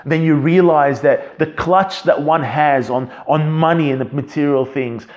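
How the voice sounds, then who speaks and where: A man delivers an expository sermon, earnest and emphatic as he works through the text. His voice sits at an ordinary middle pitch, and he often restarts phrases as he presses a point. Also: a little mellow, dull audio. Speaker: preacher.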